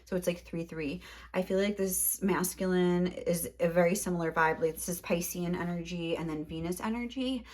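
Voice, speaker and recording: Young woman doing a casual tarot reading, rambly, says like constantly, kinda low voice. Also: fairly even intonation, normal speed, a little mellow. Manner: rambling, heavy use of "like". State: a little out of breath. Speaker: tarot reader.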